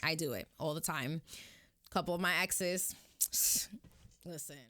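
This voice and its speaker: A woman's voice: sits low, a little slow, sharp tone, no echo, clean studio sound. A young woman with a Caribbean Spanish accent talking casually to her viewers, rambling and going off on tangents. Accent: Hispanic Caribbean. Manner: chatty, rambling, addresses viewers directly. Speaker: vlogger. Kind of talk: casual personal vlog talk.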